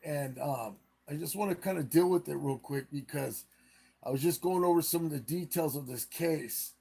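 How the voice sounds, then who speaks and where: A man's voice: on the high side, moderate pace, creaky, dark tone, breathy edge. A man hosting a live stream, casually retelling a case in a rambling way and acting out the quotes.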